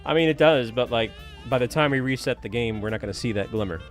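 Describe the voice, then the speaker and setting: A man's voice: medium pitch, fast talker, faint music behind. A man chatting casually with viewers during a live stream, telling stories and humming to himself.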